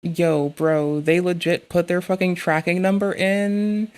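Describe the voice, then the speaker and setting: A woman streaming live, chatting casually with heavy swearing and bursting into loud, excitable rants. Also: fairly low pitch, a little slow, hardly any pauses.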